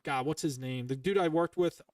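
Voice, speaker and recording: A man's voice: fairly high pitch, moderate pace, no echo, distant mic. A man hosting a podcast, telling a heated, profane story in casual chat and rambling with restarts. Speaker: podcast host.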